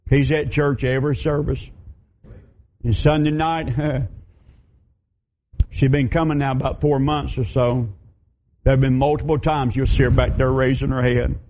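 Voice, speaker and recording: A man's voice: mid-range voice, little pitch movement, unhurried, long pauses, a little mellow, a little hiss or hum. A man preaching a sermon as pastor, telling folksy stories and acting out the voices of the people in them. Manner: folksy storytelling, acts out quoted voices. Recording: dull lo-fi sound.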